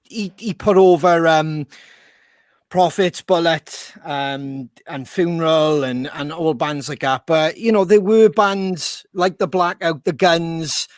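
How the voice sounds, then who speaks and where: A man's voice: a little high, slow, no room sound, studio quality. A Welsh man co-hosting a podcast over a video call, chatting in a sweary, enthusiastic, rambling way. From Wales. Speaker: podcast co-host. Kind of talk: casual chat.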